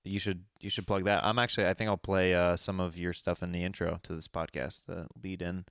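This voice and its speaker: Friendly low-voiced male podcast host. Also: little pitch movement, fairly quick, a bit bright, no room sound, studio quality. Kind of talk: casual interview chat.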